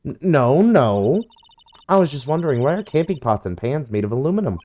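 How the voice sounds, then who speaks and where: A man's voice: fairly high pitch, fairly quick, pitched above the performer's own voice. A man putting on a bubbly naive young woman. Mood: excited. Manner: eager, excitable.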